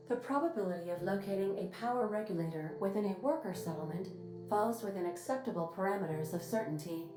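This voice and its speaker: A woman voicing a polite, literal-minded female ship computer in a video game, speaking in a formal, precise, evenly measured way. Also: medium pitch, a little mellow, natural voice. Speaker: ship's AI. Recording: echoey game audio with faint music.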